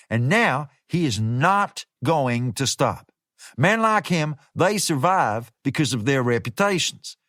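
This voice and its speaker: A man's voice: mid-range voice, a bit bright, no room sound, studio quality. A man voicing a menacing hired fixer who talks in a laid-back, slangy way. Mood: warning.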